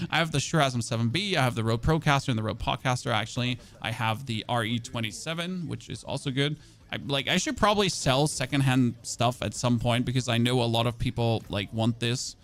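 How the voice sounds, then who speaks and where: A man's voice: medium pitch, fairly bright tone. A man whose first language is German, chatting loosely with his stream audience as a game streamer, rambling and poking fun at himself. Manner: rambling, chatty, self-mocking, with restarts. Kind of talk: casual chat with live chat.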